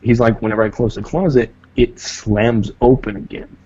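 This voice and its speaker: A man co-hosting a podcast, telling a story in a casual, profane, animated way and acting out the voices of the people in it. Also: mid-range voice, normal speed, husky, dry recording, dull audio. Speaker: podcast co-host.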